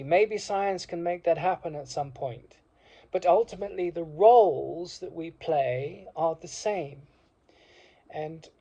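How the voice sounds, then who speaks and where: A man's voice: on the high side, dark tone. A man delivering an impassioned, rambling monologue with many fillers and restarts. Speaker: speaker. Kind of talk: reflective monologue. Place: university degree course alumnus, speaking informally.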